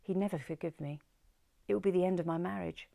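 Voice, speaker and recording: A woman reading the lines of an anxious, hesitant married woman in a story, speaking haltingly. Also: on the low side, steady tone, creaky, warm tone. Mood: doubtful.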